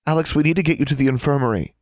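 Brief: man playing a young storybook witch, soft and fretful, raised pitch, dry sound. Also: very fast, dry recording, natural voice. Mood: worried. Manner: gentle, worried. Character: young witch, gentle and anxious friend.

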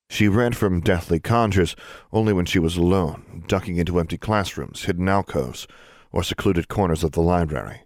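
A man narrating an audiobook in an even, measured storytelling manner. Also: low voice, no room sound, studio quality.

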